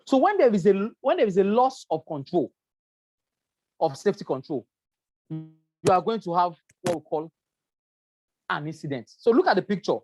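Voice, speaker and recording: A woman's voice: fairly low pitch, sing-song, normal speed, long pauses, a little mellow, no room sound. Woman, Nigerian English accent, safety trainer, repeats herself while explaining, dry close sound. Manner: repetitive, explanatory, asks "right?" often. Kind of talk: lecture on workplace safety. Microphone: presentation with slides.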